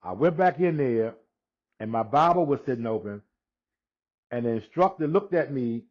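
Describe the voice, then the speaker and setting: A man in his sixties telling his personal testimony in conversation, unhurried, acting out the dialogue he quotes, with frequent restarts. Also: medium pitch, animated. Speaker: guest sharing his testimony. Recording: dull lo-fi recording.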